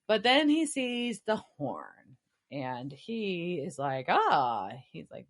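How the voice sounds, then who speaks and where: A woman co-hosting a podcast in casual chat, recapping and quickly acting out characters' lines. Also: on the low side. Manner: acts out characters' lines in quick, animated quotes. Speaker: podcast co-host.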